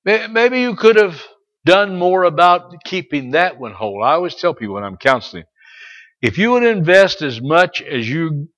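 A middle-aged man preaching a sermon as pastor, dropping to soft asides and rising to loud, slow exhortations, and calling out to listeners by name. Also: on the high side, very animated, muffled recording.

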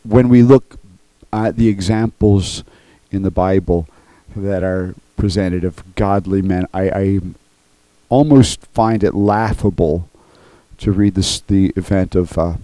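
A man's voice: low-pitched, takes it slowly, dark tone, no echo, rough recording. A man preaching a sermon in an earnest, emphatic way, often checking in with his listeners. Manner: earnest, emphatic, repeats "okay?" to the congregation. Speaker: pastor.

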